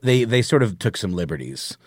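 A man's voice: on the low side, very animated, brisk, no room sound, clean studio sound. A man co-hosting a podcast in casual chat, easygoing and agreeable. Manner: easygoing, agreeable, says dude. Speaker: podcast co-host.

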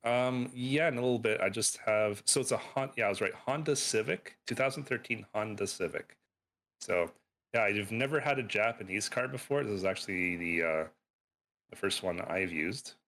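A man's voice: lowish voice, normal speed, a bit bright, a little hiss or hum. A man co-hosting a casual podcast over an online call, rambling loosely and correcting himself as he goes. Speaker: podcast co-host. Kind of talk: casual chat.

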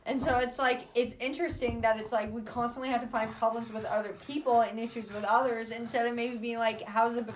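Frank young woman, slightly high voice. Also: fairly even intonation, brisk, few pauses, a little hiss or hum. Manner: frank and opinionated, fillers and swearing. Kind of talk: casual chat.

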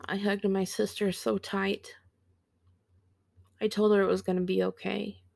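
A woman in her thirties hosting a podcast, telling a personal story in a slow, halting, reflective way and sounding teary. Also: mid-range voice, flat delivery, vocal fry, a little mellow, no room sound. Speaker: podcast host.

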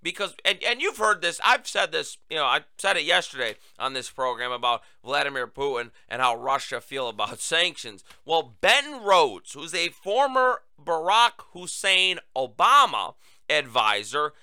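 A man's voice: on the high side, very animated, normal speed, sharp tone, smooth, dry recording, studio quality. A male talk show host giving political commentary in a sarcastic, emphatic, mocking way.

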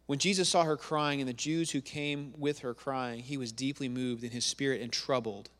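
A man's voice: medium pitch, long reverb tail. A man preaching a sermon, reading scripture verses aloud and repeating words for emphasis.

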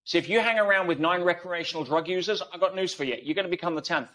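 A man's voice: sits high, quick pace, pushed and bright. A man speaking as an interview guest, making emphatic points with analogies and rhetorical questions. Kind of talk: conversational interview.

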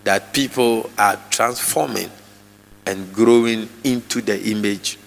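A man preaching a live sermon to a congregation, emphatic and repetitive, his voice jumping suddenly in pitch and loudness. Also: steady tone, takes it slowly, creaky. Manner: repeats phrases for emphasis. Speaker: pastor. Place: church hall with congregation. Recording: long reverb of a large church hall.

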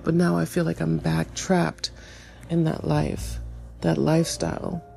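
A woman in her fifties hosting a reflective solo monologue, searching and questioning herself, with soft laughs. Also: low-pitched, little pitch movement, measured pace, creaky, soft background music. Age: 50s. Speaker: podcast host.

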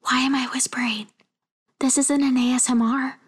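A voice actress whispering playful, chatty asides between takes. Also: female voice, high voice, little pitch movement, normal speed, husky. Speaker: voice actor.

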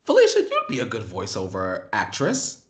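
Woman co-host, sassy and emphatic, lively up-and-down delivery. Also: a bass voice, moderate pace. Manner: sassy, emphatic, says "girl" a lot. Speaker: podcast co-host. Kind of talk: casual chat.

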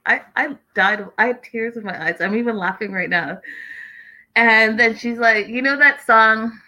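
A woman chatting casually as she recaps a reality show, animated and full of laughing asides. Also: mid-range voice, normal speed.

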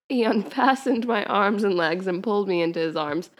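A woman's voice: mid-range voice, moderate pace. A woman co-hosting a podcast, reading fan fiction aloud and often breaking into laughter and wry asides. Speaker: podcast co-host.

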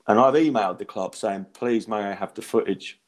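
A man's voice: on the low side, a little fast. A middle-aged man, a stand-up comedian, telling stories in casual podcast chat, swearing freely and acting out voices.

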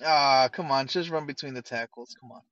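A man's voice: medium pitch, brisk, a bit bright, no room sound, dull audio. A man co-hosting a podcast in casual, joking talk, loose and swearing. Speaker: podcast co-host. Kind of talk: casual chat.

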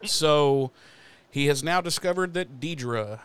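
A man with a smooth, resonant voice hosts a casual podcast recap. He tells the story in an animated way, talking through the scenes in lively detail. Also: medium pitch, unhurried. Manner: animated storyteller who acts out the characters' lines. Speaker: podcast host recapping an episode. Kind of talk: casual chat.

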